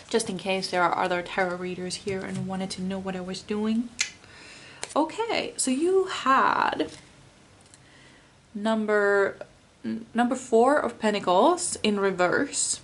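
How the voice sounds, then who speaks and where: A woman's voice: medium pitch, lively intonation, a little slow, a bit bright, a little hiss or hum. Finnish-accented woman, tarot reader, chatty and giggly, takes her time. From Finland. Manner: rambling and giggly, often laughing. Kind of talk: casual chat.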